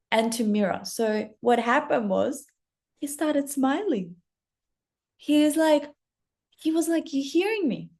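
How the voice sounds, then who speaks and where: A young woman speaking as a spiritual coach in a soft, earnest monologue with playful asides. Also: on the high side. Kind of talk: casual monologue to camera.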